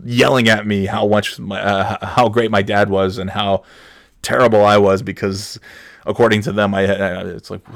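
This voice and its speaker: A man's voice: fairly low pitch, steady tone, normal speed, vocal fry, dry recording. A man telling a comic story in a profane, sardonic, rambling way.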